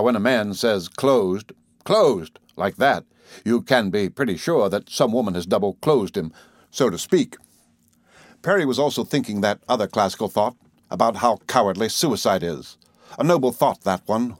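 A man reading a story aloud as an audiobook narrator, giving the characters lively voices of their own. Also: on the low side, no echo, studio quality. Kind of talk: scripted narration with acted dialogue.

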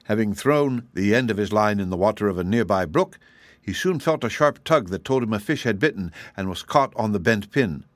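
Steady male audiobook narrator. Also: on the low side, fairly quick, dry recording.

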